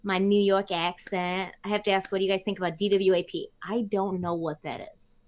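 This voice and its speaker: A woman's voice: medium pitch, flat delivery, a little fast. A woman co-hosting a casual live stream, chatting and teasingly reading names from the chat aloud.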